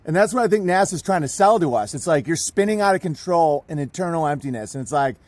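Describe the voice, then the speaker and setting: A man talks as a podcast guest in a loose, irreverent, rambling way. His voice sits notably high for a man. The sound is close and dry, with little room. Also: expressive, fast talker, darkish tone, no room sound. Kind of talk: casual podcast conversation.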